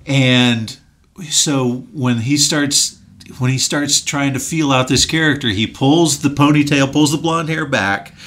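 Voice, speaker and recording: A man co-hosting a casual podcast, telling film history anecdotes in an animated way and mimicking people as he quotes them. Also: medium pitch, a little slow. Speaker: podcast co-host.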